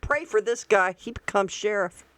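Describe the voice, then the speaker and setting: A woman's voice: medium pitch, normal speed, a bit bright, no room sound. Blunt folksy woman host, dry sound. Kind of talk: casual political commentary.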